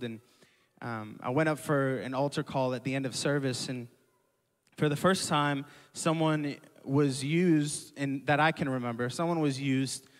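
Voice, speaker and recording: A young man preaching a sermon, repeating key phrases and asking the crowd to echo them back. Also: mid-range voice. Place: large church hall. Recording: long hall reverb.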